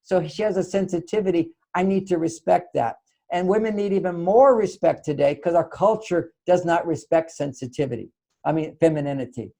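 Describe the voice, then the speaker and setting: A man's voice: fairly high pitch, fairly quick, vocal fry. An older man, a relationship author, telling stories animatedly in an interview and acting out both sides of the conversations. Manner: lively, acts out both sides of conversations, laughs often.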